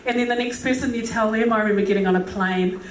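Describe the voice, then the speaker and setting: Middle-aged woman, humorous storytelling talk, fairly high voice, echoey hall with faint noise. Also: fairly even intonation, quick pace, far from the mic. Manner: self-deprecating, laughs often, acts out quotes. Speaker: speaker.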